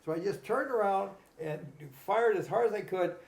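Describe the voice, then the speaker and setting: Man, chatty storyteller, acts out quotes, lightly raised pitch, echoey room. Good for reminiscing talk. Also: moderate pace, creaky. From Nanaimo, Canada. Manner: animated anecdotes, acts out quotes. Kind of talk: casual storytelling. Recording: roomy echo.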